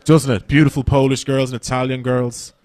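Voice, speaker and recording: A man's voice: medium pitch, level tone, brisk, darkish tone. An Irish man doing stand-up comedy on a festival stage, brash and profane, rambling through his stories.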